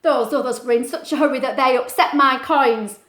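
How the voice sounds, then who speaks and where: Woman doing a gruff grumpy lobster. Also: sits high, moderate pace, a bit bright, roomy sound. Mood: grumbling. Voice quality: gruff, growling. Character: grumpy greedy old lobster guarding treasure.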